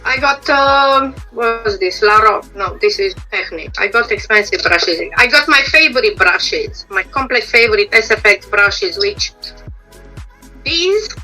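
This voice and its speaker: A woman's voice: mid-range voice, animated, a little slow, pushed and bright, faint music behind, poor audio. A middle-aged woman, a makeup and prosthetic artist, giving frank, explanatory advice in an interview over a video call, her voice a bit strained as she is losing it. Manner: explanatory, frank, restarts phrases. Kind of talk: casual interview answers.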